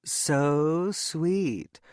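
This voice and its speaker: A man's voice: fairly high pitch, extremely slow, a little mellow, clear, resonant tone, no echo, pitched above the performer's own voice. Male reader doing a playful young woman teacher, voice lifted, bone-dry read. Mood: mock cheerleader. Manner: playful, teasing. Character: wry young adult woman teacher, teasing. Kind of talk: audiobook character voice.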